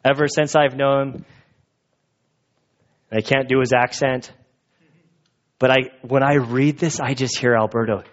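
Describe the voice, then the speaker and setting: In a church sanctuary, a male pastor gives an expository sermon in an earnest, conversational way. His mid-range voice holds a fairly even intonation at a moderate pace, broken by long pauses, and the recording sounds dull and lo-fi.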